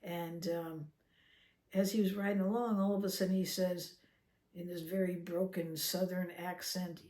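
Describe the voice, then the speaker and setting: A woman's voice: on the low side, flat delivery, normal speed, warm tone. A woman telling a personal story in a casual, rambling way, full of asides and restarts. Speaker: channel host. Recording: echoey room.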